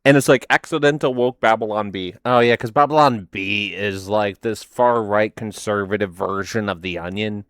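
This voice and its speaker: A man's voice: lowish voice, normal speed, few pauses, a bit bright, no room sound, clean studio sound. A man hosting a reaction video, talking casually in a rambling, sarcastic way with lots of "like".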